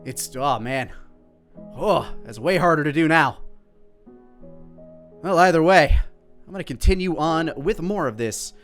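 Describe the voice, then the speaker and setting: A man's voice: a little high, fairly bright tone. A man giving casual commentary on his own old parody video, rambling and self-deprecating. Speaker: creator and commentator.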